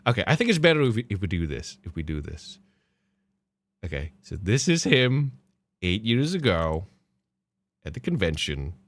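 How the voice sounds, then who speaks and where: A man's voice: deep voice, big pitch swings, normal speed, long pauses, no echo. A man hosting a podcast, reacting to clips with mocking laughter and swearing. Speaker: podcast host. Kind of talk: casual commentary on clips.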